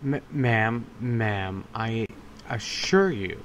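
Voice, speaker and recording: A man playing a patient tech support agent, answering a prank call in a slow, deadpan way. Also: mid-range voice, slight background noise.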